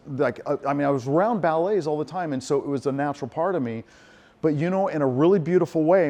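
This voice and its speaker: A middle-aged man, a composer giving a lecture, telling stories in a lively, animated way, acting out quotes and restarting his sentences. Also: fairly high pitch. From United States. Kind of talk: lecture with audience Q&A.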